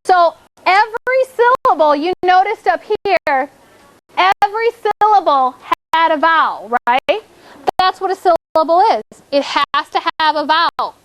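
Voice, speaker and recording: An elementary school teacher with a very high, expressive, fairly bright voice leads a class of children through a spelling lesson, speaking a little slowly. She gives step-by-step directions and keeps checking in with "okay?"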